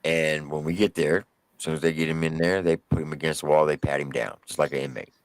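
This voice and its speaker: A man co-hosting a live stream, telling a story casually with drawn-out emphasis and mild cursing. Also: rumbling low, fairly even intonation, smooth, no echo.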